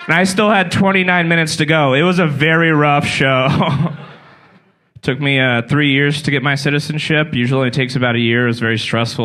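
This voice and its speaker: A man's voice: mid-range voice, a bit bright. A man from Brazil doing a stand-up comedy set, telling a chatty story and laughing at his own jokes, live on stage.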